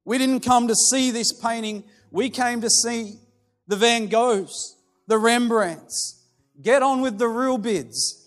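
A man playing an angry shouting art bidder. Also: high-pitched, unhurried, voice pushed up. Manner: shouting, indignant. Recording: long hall reverb with soft music.

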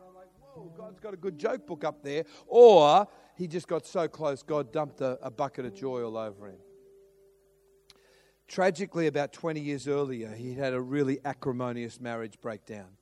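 A man's voice: mid-range voice, moderate pace, mellow. A middle-aged man preaching a sermon, telling a story with lots of restarts and acted-out quotes. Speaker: pastor.

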